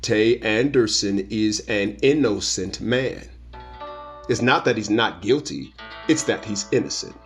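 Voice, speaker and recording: A man's voice: fairly low pitch, unhurried, faint music behind. A man being interviewed as a guest, speaking emphatically and informally with a preacher-like, slangy cadence. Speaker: guest commentator. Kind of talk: opinionated interview talk.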